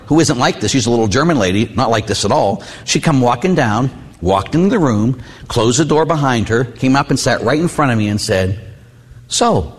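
A middle-aged man, a Catholic priest, preaching a conversational sermon with personal stories and frequent "huh?" asides. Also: mid-range voice. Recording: long hall reverb.

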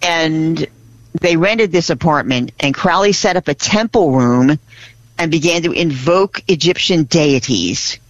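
A woman's voice: sits low, measured pace, dry recording. A woman co-hosting a religious radio show, chatting animatedly and laughing often. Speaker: radio co-host. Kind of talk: casual radio chat. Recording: dull lo-fi radio audio.

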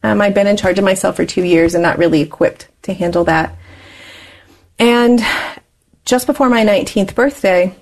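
A woman's voice: mid-range voice, normal speed, a little mellow. Chatty woman telling her life story. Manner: chatty, laughs often while telling. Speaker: interview guest. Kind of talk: candid personal storytelling.

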